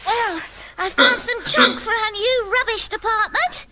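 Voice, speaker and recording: A woman voicing a cheerful female puppet shopkeeper on a children's TV show, in a bright sing-song delivery. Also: very high-pitched, a little slow. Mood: cheery. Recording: loud background noise, replayed video.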